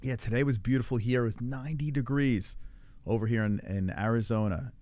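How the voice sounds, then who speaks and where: A man's voice: mid-range voice, a little fast, dark tone, no room sound. A man hosting a casual live stream, reading viewer comments and rambling loosely with lots of fillers and swearing. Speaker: livestream MMA show host. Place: home in Arizona.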